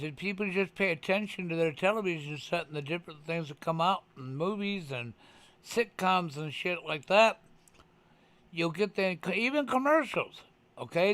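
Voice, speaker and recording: A man's voice: high voice, a bit bright, no room sound. A man talking casually on a live stream, emphatic and profane, often pressing his point with "okay". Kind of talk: casual chat.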